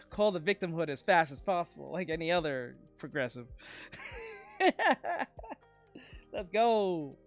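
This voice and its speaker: A man's voice: on the high side, expressive, takes it slowly, long pauses, soft background music. A man streaming as a VTuber, chatting casually with a sarcastic, self-mocking humor and frequent laughs. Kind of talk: casual live-stream chat while drawing.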